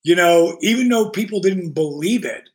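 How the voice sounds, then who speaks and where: A man's voice: high voice, normal speed. A man guesting on a podcast, telling casual stories with lots of swearing and acted-out dialogue. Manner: animated, swears freely, acts out dialogue. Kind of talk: casual storytelling.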